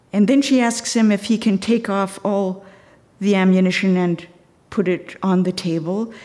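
A woman retelling a true story in an earnest, measured way. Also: mid-range voice, a little mellow, big-room sound. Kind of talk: storytelling talk.

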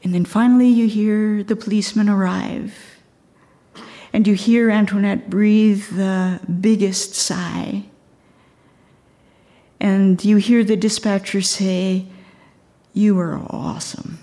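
A woman retelling a true story in an earnest, measured way. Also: medium pitch, fairly even intonation, dark tone, big-room sound. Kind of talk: storytelling talk.

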